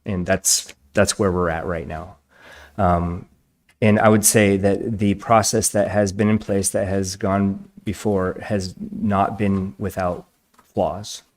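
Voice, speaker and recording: A man's voice: low-pitched, flat delivery, slow pace. A man from planning staff explaining a process to a commission in a matter-of-fact way. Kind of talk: explaining at a public meeting.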